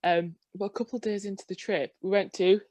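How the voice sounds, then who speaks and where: A woman's voice: medium pitch, fairly even intonation, fast, a little mellow, no room sound. A young woman, a podcast co-host, chatting and telling a self-mocking story. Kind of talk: casual storytelling chat.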